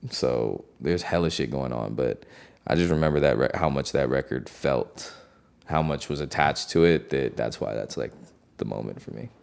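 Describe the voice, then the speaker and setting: A man's voice: extremely low pitch, normal speed, vocal fry, darkish tone, clear, resonant tone. A man, a music producer, telling a studio story in a loose, slangy way, heavy on "like". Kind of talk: casual storytelling.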